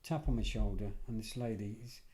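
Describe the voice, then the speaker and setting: A middle-aged English man, a podcast guest, telling lively anecdotes in a casual conversational way and often correcting himself mid-sentence. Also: on the low side, fairly quick. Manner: animated anecdotal storyteller, self-correcting. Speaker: podcast guest, former detective and security head. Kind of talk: casual storytelling.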